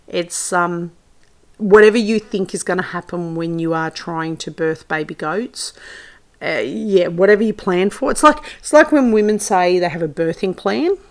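A low-pitched Australian woman with a gravelly edge, rambling through a homestead story in a casual podcast monologue. She talks warmly, laughs easily and shifts tone with each turn of the story. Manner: chatty and good-humoured, laughs through her stories. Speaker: podcast host.

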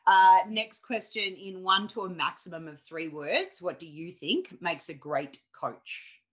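A middle-aged woman hosting a coaching podcast, telling stories in a lively, animated way with quick asides. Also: on the low side, crowd noise. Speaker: podcast host, tennis coach. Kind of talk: casual interview chat.

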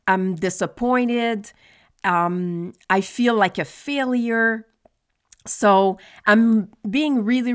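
Slow, candid woman musing aloud. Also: medium pitch. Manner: candid, slow and deliberate, with pauses and fillers. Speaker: podcast host speaking to adults with ADHD. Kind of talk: personal reflective monologue.

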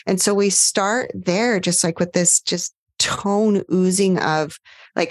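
Soft-spoken woman coach, low and dry. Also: takes it slowly, no room sound. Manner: gentle, soothing, speaks in warm affirmations. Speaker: coach and guest expert. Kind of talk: podcast interview.

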